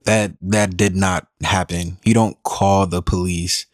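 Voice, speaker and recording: A man's voice: low-pitched, steady tone, slow, dry recording, studio quality. A man giving blunt, accusing reaction commentary on a video clip, calling out what he sees as lies. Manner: blunt, accusing, repeats "she's lying". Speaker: commentary host.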